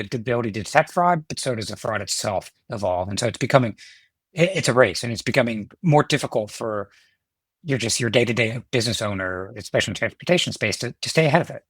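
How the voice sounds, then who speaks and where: A man, a company executive, explaining his field as a guest on a podcast in a steady, conversational way. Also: medium pitch, no echo. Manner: explanatory, steady, uses filler "right?". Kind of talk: podcast interview.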